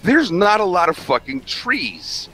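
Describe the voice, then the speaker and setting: A middle-aged man spins a long, swear-laden trucking story in casual chat. His bright, forward tone swings widely in pitch as he gets animated. Faint music plays behind him. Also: a little slow. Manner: profane, animated, rambling delivery. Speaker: truck driver telling a story on a radio talk show.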